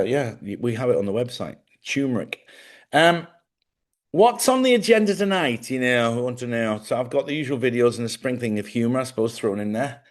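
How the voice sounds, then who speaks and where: A man hosting his own live show, talking casually and jokily, rambling from one topic to the next and sounding sleepy. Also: mid-range voice. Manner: jokey, chatty, wanders off topic. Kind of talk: rambling casual livestream chat. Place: small studio.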